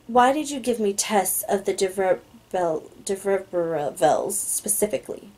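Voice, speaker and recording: Timid young woman, soft and hesitant, read by a woman in a mellow voice. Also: mid-range voice, animated, a little slow, close to an everyday voice.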